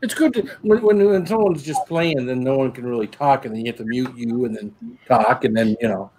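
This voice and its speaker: A man's voice: mid-range voice, fairly quick, noisy background. A man on an online group call, talking in long, rambling run-on stretches and repeating his words in casual chat.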